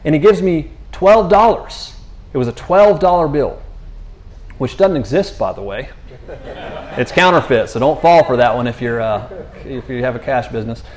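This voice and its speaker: A man telling a faith story in an animated, rambling way, often restarting and saying "you know". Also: mid-range voice, normal speed, a little hiss or hum. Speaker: speaker sharing a faith testimony. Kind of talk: casual spoken testimony.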